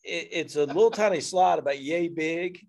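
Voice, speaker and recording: A man, a fire service instructor telling a story in an interview in an animated, self-deprecating way. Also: on the high side, moderate pace, creaky.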